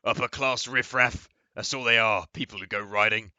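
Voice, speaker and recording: A pompous middle-aged father, indignant and scolding, with a sharp, tense edge to his voice, as a man reads him. The sound is dry and close. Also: lowish voice, steady tone, moderate pace, no room sound, lo-fi sound.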